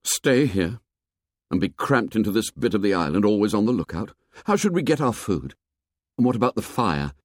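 A man voicing an exasperated boy chief who argues forcefully and insists. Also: lowish voice, sing-song, moderate pace, dry recording, studio quality.

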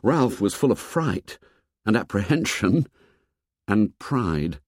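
Man, expressive storyteller, animated delivery, dry close recording. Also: on the low side, slow pace, dry recording. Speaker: narrator. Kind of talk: audiobook narration.

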